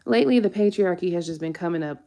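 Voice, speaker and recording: A young woman chats casually on a live tarot stream. She sounds candid and slangy and swears freely. Her voice sits fairly low for a woman. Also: quick pace, warm tone. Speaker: tarot reader.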